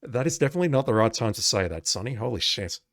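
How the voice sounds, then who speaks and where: Exasperated man with lively pitch. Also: fast talker, no room sound, studio quality. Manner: sarcastic, exasperated asides. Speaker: gamer playing a retro game. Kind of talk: let's play commentary.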